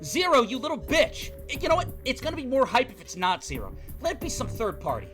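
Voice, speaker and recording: A young male streamer reading game text aloud in a hushed low voice and breaking off into profane rants at his chat. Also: wildly swooping pitch, fairly quick, faint music behind.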